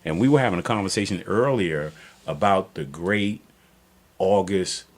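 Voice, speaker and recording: A male podcast host with a low-pitched voice talks at normal speed, chatting loosely like he's telling a story and laughing often in a casual conversational interview.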